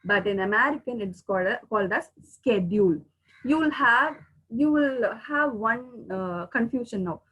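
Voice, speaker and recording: An Indian woman with an Indian English accent gives an online English pronunciation lesson in a slightly high, husky voice. She explains patiently and repeats each example word, spelling some out letter by letter. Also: animated, normal speed, sharp tone, poor audio. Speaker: English teacher.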